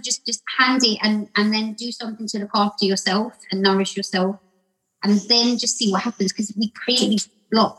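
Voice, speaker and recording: A woman's husky voice carries this casual podcast chat. She rambles through her stories and acts out what other people said along the way. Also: medium pitch, low-quality recording. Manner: rambling, warm storyteller acting out quotes with laughs. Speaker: podcast guest.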